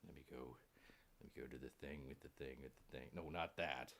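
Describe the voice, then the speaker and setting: A man hosting a casual comics livestream, rambling and excitable, with lots of fillers. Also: rumbling low, a little fast, gravelly. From Tampa Bay area. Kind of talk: casual live-stream chat.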